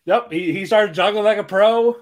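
A man's voice: high voice, normal speed. A man co-hosting an anime podcast in casual chat, easygoing and agreeable, laughing along while recapping episodes. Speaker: podcast co-host.

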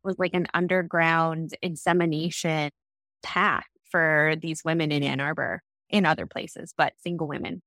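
A woman in her late thirties with a lowish voice tells a personal story candidly and reflectively. She sounds close to the mic, in a dry room with no echo, and comes alive when she voices other people. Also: normal speed. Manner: earnest, reflective, lively when quoting others.

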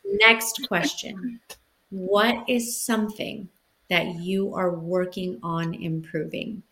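A woman hosting an interview, asking questions and warmly affirming her guest's answers. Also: on the low side, steady tone, slow pace, rough recording. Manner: warmly affirming, brief reactions. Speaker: podcast host.

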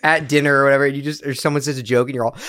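A man's voice: medium pitch, background noise. A man co-hosting a casual podcast chat, rambling through his thoughts with lots of "like" and laughter. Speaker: podcast co-host.

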